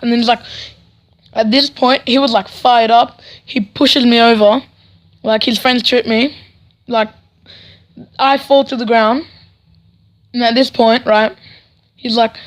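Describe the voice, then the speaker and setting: A man's voice: very high voice, fairly even intonation, a little slow, long pauses. A teenage boy telling a storytime vlog in a rambling, sarcastic way, with frequent "right?" asides. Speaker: vlogger.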